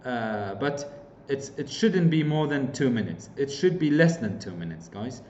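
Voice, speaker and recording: A man's voice: medium pitch, animated, a little slow, a little mellow, slight background noise. A man with a Kurdish accent teaching an English class online, explaining points with repeated examples and frequent fillers. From Kurdistan region of Iraq. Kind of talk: online lecture. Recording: roomy, dull lo-fi recording.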